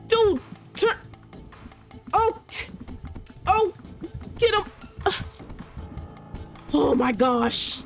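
A woman gamer doing let's-play commentary at a desk mic, excitable, yelling commands at the game and bantering in casual slang. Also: extremely high pitch, very slow, pauses often, soft background music.

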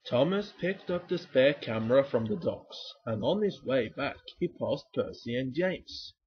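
A man narrating a children's picture book aloud in a lively, expressive storytelling manner. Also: medium pitch, measured pace, muffled recording.

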